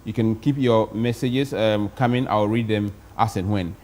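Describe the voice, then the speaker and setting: A man's voice: lowish voice, moderate pace, a little mellow. A man hosting a sports talk show and reading out listener messages. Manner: brief interjections, reads messages aloud.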